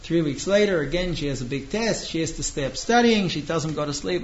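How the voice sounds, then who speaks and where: A man's voice: on the high side, lively intonation, brisk, lo-fi sound. A man teaching a class, telling a story with many fillers and restarts.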